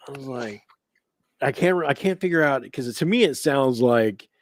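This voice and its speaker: A man co-hosting a casual paranormal talk stream, rambling and halting as he describes recordings. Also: medium pitch, animated. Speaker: paranormal investigator co-host. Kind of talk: casual chat. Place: home studio, live stream.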